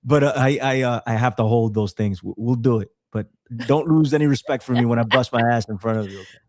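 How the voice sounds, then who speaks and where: A man's voice: medium pitch, fast, darkish tone, no echo, studio quality. A man from the Bronx with a New York accent, chatting casually and animatedly on a podcast, swearing freely and often repeating words. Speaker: podcast guest. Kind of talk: casual chat.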